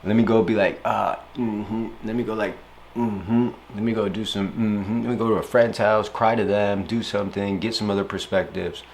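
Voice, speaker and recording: A young man talking casually about handling stress, playful and animated, often slipping into silly voices and acted-out quotes. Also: lowish voice, normal speed, vocal fry, slight background noise. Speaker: speaker reflecting on stress. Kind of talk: casual reflective monologue.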